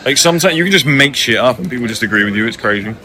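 A man's voice: mid-range voice, expressive, racing, pushed and bright. A young man talking casually to camera in a cafe, brash and joking, swearing freely. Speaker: vlogger. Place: cafe by the water.

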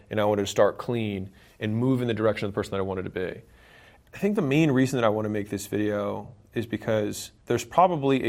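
Blunt, emphatic man giving life advice. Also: on the low side. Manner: blunt and emphatic, swears, acts out quoted dialogue. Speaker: self-help video creator. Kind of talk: direct-to-camera motivational talk.

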